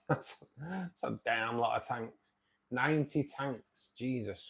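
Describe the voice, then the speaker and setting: A man in his forties with a mid-range, fairly bright voice that's creaky and slightly rough takes it slowly and speaks expressively. He hosts a casual livestream from the outskirts of Manchester, England, chatting matily in a Manchester accent and answering viewers' comments.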